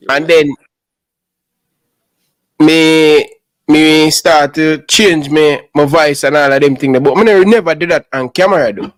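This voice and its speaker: A Jamaican man hosting a livestream, chatting in a relaxed, patois-heavy way. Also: a little high, unhurried, dry recording, low-quality recording. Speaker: livestream host. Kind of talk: casual livestream chat.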